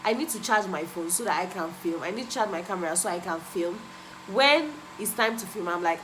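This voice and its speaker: A woman's voice: medium pitch, lively intonation, a little fast, a bit bright, slight background noise, poor audio. A young woman vlogger giving an emphatic, repetitive motivational talk and driving each point home. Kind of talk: motivational self-help talk.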